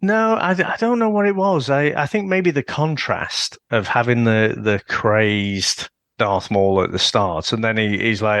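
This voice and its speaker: Male co-host, low gravelly voice, rambling and profane, dry sound. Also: unhurried, fairly bright tone, dry recording. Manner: rambling, swears freely, many restarts. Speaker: podcast co-host. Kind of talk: casual chat.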